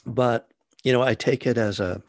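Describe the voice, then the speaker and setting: A man's voice: medium pitch, moderate pace, dry recording. A man, an author, telling a personal story in a casual, rambling, self-deprecating way with many restarts.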